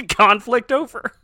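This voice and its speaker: A man's voice: extremely high pitch, sharp tone, no room sound, studio quality. A man casually recapping a bad movie with wry, laughing commentary as a podcast co-host.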